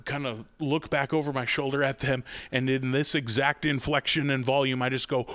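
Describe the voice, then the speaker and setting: Animated, swearing man telling a story. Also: medium pitch, moderate pace. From American Midwest. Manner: animated storyteller, swears freely, acts out quoted voices. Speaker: podcast co-host. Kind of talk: casual storytelling chat.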